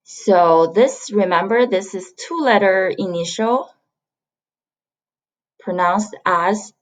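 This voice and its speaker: A woman's voice: mid-range voice, lively intonation, unhurried. A woman from China, teaching a beginner pronunciation lesson and patiently repeating sounds to model the tones. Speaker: Chinese language teacher. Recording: slightly dull lo-fi recording.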